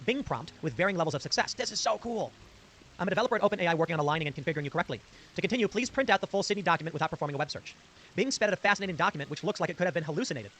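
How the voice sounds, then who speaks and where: A man hosting a live stream, reading online posts aloud and reacting with quick exclamations. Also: high-pitched, fairly bright tone, slight background noise. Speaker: host. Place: home studio on a live stream.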